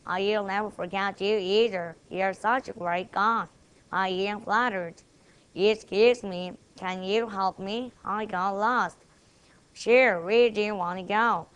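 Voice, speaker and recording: Slow, careful Korean-accented woman. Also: medium pitch, fairly bright tone, clean tone. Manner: plays both sides of each dialogue, deliberate and careful. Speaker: student presenter. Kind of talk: reciting memorized English dialogues.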